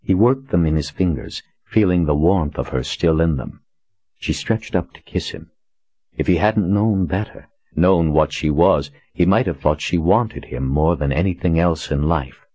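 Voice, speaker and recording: A man with a very deep, husky voice reads a story aloud in a steady, deliberate way. The sound is dry and close, with a dull, muffled tone. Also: no room sound. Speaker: audiobook narrator. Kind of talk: scripted narration.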